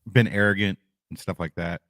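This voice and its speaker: Laid-back lower-voiced man, dry teasing. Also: steady tone, a little fast, fairly bright tone, no echo. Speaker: sports betting show co-host. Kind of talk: casual sports chat.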